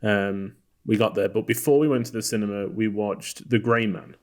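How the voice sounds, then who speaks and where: A man co-hosting a podcast in casual chat, relaxed and hesitant with many fillers. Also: fairly low pitch, normal speed. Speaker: podcast co-host.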